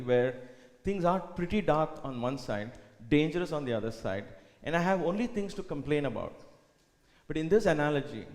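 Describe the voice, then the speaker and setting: A man giving a reflective spiritual talk at a retreat, often dropping to a soft hush. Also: mid-range voice. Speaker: retreat speaker. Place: retreat hall. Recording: echoey hall with long reverb.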